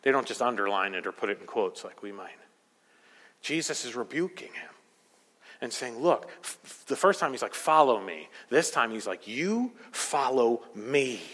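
A man preaching a sermon as pastor, emphatic, swinging between loud rising peaks and quiet low asides. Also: animated, normal speed. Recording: long hall reverb.

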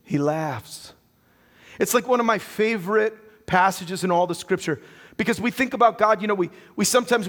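A male pastor preaching a sermon with animated storytelling and frequent restarts. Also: high-pitched. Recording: long reverb of a church hall.

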